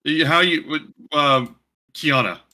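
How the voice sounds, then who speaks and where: A man's voice: a little high, unhurried, bright, forceful tone. A man running a tabletop game online, joking loosely with many ums as he introduces the players. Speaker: game master. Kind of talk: casual game narration and chat.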